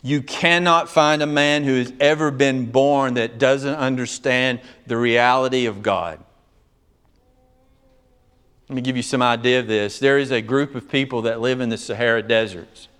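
A man's voice: medium pitch, steady tone, moderate pace, fairly bright tone, smooth. A male pastor preaching a sermon, telling stories with emphatic delivery and acting out dialogue.

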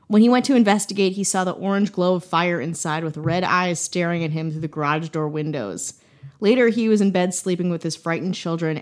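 A woman from Wisconsin hosting a podcast, telling a ghost story in a casual, playful way with joking asides. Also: fairly low pitch. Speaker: podcast host.

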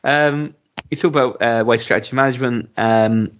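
A man's voice: mid-range voice, fairly even intonation, moderate pace, dull audio, a little hiss or hum. A man co-hosting a podcast, chatting casually about a TV episode with lots of ums and restarts. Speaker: podcast co-host. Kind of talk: casual chat reviewing a TV episode.

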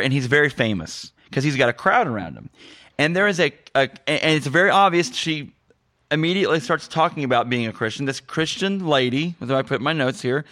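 Animated, jokey male podcast host. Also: a little high, dry recording, studio quality. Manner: jokey, animated, laughs at his own jokes. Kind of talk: casual movie-review banter.

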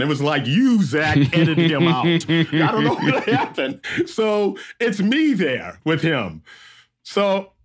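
A man, an obstacle race emcee, telling an animated story and acting out the sounds and voices. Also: on the high side. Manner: lively storyteller who acts out sounds and voices.

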